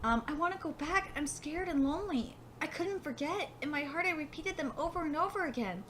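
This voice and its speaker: A woman voicing a timid, lonely young girl in a manga read-aloud, speaking hesitantly and haltingly. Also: high-pitched, animated, a bit bright, slight background noise.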